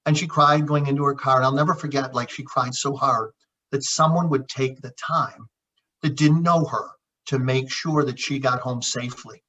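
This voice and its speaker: A man's voice: mid-range voice, steady tone, moderate pace, fairly bright tone. A middle-aged man, a chiropractor guest, telling a story in conversation and acting out the dialogue with frequent repeats. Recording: dull lo-fi audio.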